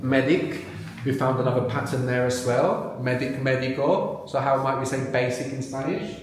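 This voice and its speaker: A man's voice: medium pitch, steady tone, moderate pace, a crowd in the background. A male language teacher leading a live workshop, patiently quizzing learners and repeating words back to them. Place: workshop room with live audience. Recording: very echoey room.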